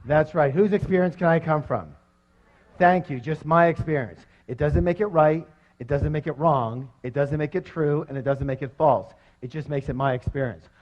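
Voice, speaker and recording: A man giving a motivational seminar talk, energetic and quizzing his audience with questions. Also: fairly high pitch, moderate pace. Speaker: seminar speaker. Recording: dull lo-fi recording.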